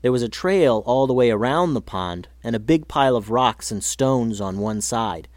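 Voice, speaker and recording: A man's voice: mid-range voice, animated, moderate pace, no room sound. Man reading a children's story.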